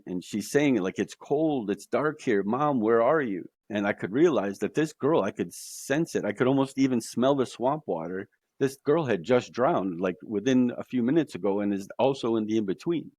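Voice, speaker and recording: A man's voice: on the low side, darkish tone, no room sound. A man guest on a podcast, telling a personal story in an earnest, emphatic way, often saying "literally" and "like".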